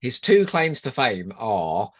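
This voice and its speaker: Playful, lively-voiced male co-host. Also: medium pitch, slow pace. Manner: playful and teasing, with mock outrage. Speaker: podcast co-host. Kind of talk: casual fan chat.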